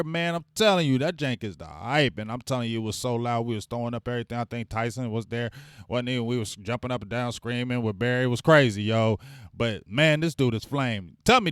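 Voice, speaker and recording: A man's voice: mid-range voice, clean tone, dry recording, clean studio sound. A man hosting a casual live sports fan stream. He rambles, gets hyped and calls out to the chat viewers. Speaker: fan show host.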